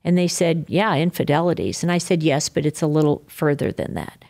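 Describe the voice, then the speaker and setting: Older woman guest, low gravelly voice, animated storyteller who acts out quotes. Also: a little fast. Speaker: podcast guest. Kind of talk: faith-filled storytelling interview.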